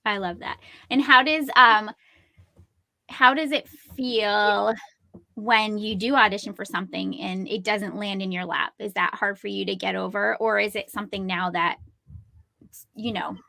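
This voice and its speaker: A woman's voice: medium pitch, fairly even intonation, a little slow, gravelly, pushed and bright, no room sound. A woman co-hosting a casual online interview, chatty and upbeat, asking rambling questions with fillers. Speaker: interview co-host.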